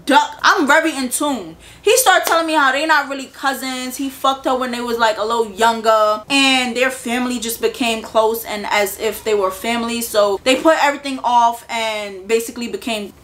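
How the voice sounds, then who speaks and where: High-voiced Bronx woman telling a story. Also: moderate pace, few pauses. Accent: New York (Bronx). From the Bronx, New York. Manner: blunt, slangy, profane, animated storytelling. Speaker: storyteller vlogger. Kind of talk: casual storytime.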